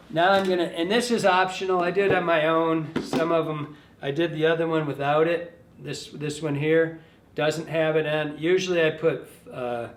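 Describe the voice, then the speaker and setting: A man's voice: fairly high pitch, slight background noise. A man demonstrating fly tying step by step in a loose, casual way, thinking aloud and correcting himself as he goes. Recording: echoey room.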